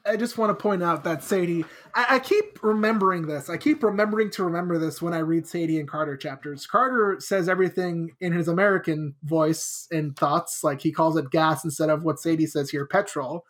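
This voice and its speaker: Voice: mid-range voice, normal speed. A podcast co-host casually recapping a book chapter, acting out the characters' lines as she goes. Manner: animated, acts out characters' lines in quotes.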